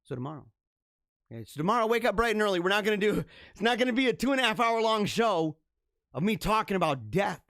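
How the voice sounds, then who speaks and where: Male host, fervent preachy delivery with big loud-soft swings, somewhat high voice. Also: sing-song, fast talker, no room sound, clean studio sound. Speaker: host of a live religious show. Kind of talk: impassioned live-stream monologue.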